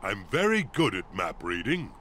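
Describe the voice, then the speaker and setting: A man's voice: fairly low pitch, huge pitch swings, moderate pace, noisy background. A man voicing a proud, bumbling father pig in a cartoon, with a hearty, self-assured manner. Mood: confident. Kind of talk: cartoon voice acting. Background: music.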